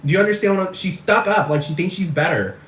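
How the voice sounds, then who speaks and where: A man's voice: high voice, fast talker, fairly bright tone. A man ranting in a rambling, repetitive and profane casual monologue. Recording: echoey room, far from mic, faint noise.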